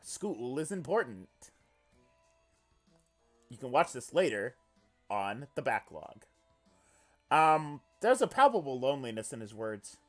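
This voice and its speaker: A man reading a visual novel aloud on stream and commenting on it, loose and foul-mouthed. His voice swings widely in pitch, and faint music plays under him. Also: unhurried, long pauses. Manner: animated, swears often, laughs loudly. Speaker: let's play streamer.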